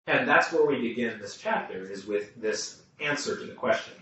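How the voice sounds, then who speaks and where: A man's voice: mid-range voice, lively intonation, moderate pace, few pauses, a bit bright. A man leading a group Bible study, thinking aloud with restarts and putting questions to the people around him. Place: room with a small group. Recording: muffled, echoey room, mic far off.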